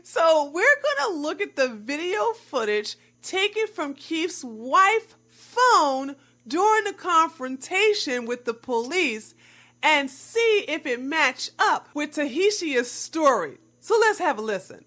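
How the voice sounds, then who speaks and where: This commentary vlogger delivers scripted, sarcastic commentary to her viewers, mocking the claims she reviews and calling her audience y'all. Her voice sits high and sing-song, with a slow pace and a bright, forceful tone.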